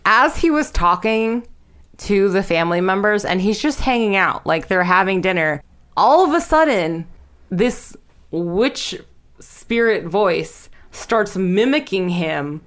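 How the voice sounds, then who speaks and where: A woman's voice: medium pitch, lively intonation, takes it slowly, fairly bright tone. A young woman casually telling a spooky story to friends, rambling, laughing and swearing as she goes. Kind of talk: casual storytelling podcast chat.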